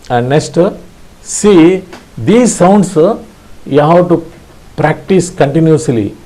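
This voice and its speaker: Slow guy from india walking thru morse code, lots of uh's, low mellow voice. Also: rough recording. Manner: hesitant, many fillers and restarts, sounds out dits aloud. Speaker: ham radio instructor. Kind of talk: slow spoken tutorial.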